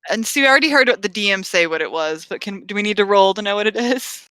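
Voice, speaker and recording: Bright, giggly woman player. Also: medium pitch, fast, clear, resonant tone, dry recording. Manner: giggly, animated. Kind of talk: casual tabletop play.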